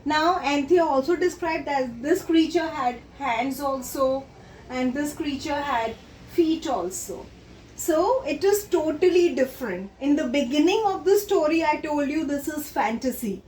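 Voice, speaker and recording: A high-pitched woman with a darkish tone teaches kids, going slowly and patiently as she explains a story and its vocabulary. The sound is distant and echoey, with faint background noise.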